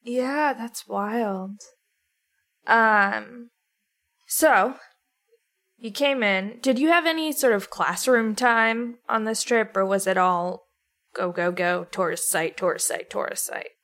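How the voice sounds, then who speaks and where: A woman's voice: a little high, takes it slowly, fairly bright tone. A woman hosting a podcast, interviewing a guest with direct, probing follow-up questions. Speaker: podcast host.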